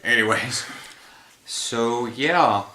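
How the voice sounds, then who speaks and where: A man's voice: medium pitch, very slow, background noise. A tired man after a run, hosting a casual chat about films and rambling, often trailing off mid-thought. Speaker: host. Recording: roomy echo.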